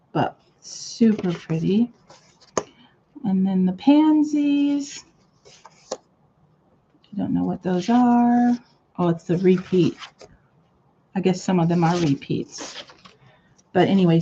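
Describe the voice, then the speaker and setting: A woman's voice: on the low side, mellow, highs cut off, slight background noise. A woman hosting a live crafting stream, chatting casually and rambling with lots of fillers. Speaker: crafting channel host.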